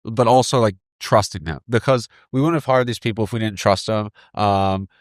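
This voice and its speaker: A man's voice: on the low side, normal speed, no room sound, studio quality. A man, a winery co-founder, telling rambling stories in a casual interview. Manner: rambling storyteller, many fillers.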